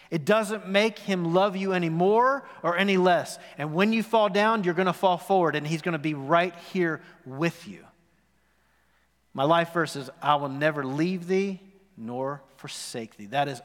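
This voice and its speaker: A man in his forties preaching a sermon as pastor, telling a story and asking the congregation questions. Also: sits high. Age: 40s. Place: church sanctuary. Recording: long reverb in a worship hall.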